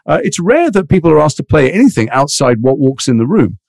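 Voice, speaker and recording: Gravelly fast-talking English actor. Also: male voice, a little high, no room sound, studio quality. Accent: mixed British, mild Liverpool and London traces. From England, Liverpool. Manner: fast, rambling, animated storytelling. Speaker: actor, guest. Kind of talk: casual interview chat.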